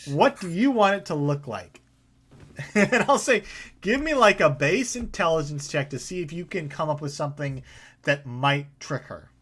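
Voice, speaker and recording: A man's voice: a little high, expressive, measured pace, fairly bright tone, slightly rough. A man narrating a tabletop game as game master, casual and rambling with many fillers.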